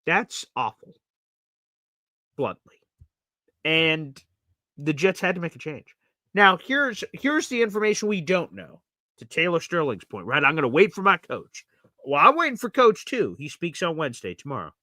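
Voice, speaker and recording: A man hosting a live sports reaction show, talking bluntly and with lots of opinion, now excited, now muttering. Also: fairly high pitch, normal speed, long pauses, no room sound, studio quality.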